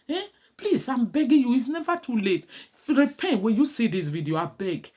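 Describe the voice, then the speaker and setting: A woman's voice: fairly high pitch, very animated, normal speed, darkish tone, slightly rough. A middle-aged woman giving a pleading, preachy advice monologue as a vlogger.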